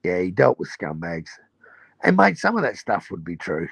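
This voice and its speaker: Brief: low, gravelly Aussie male host, dry close sound, rowdy storyteller. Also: huge pitch swings, moderate pace, dry recording. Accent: Australian. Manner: rowdy, profane storytelling, laughing at his own tales. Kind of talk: casual chat.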